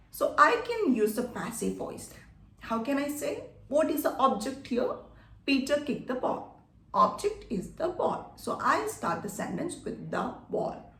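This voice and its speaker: A woman's voice: a little high, gravelly, far from the mic. A woman teaching a grammar lesson, patiently repeating key points and checking that viewers follow. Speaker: English teacher. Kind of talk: explanatory online grammar lesson. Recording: echoey room, voice a bit off-mic.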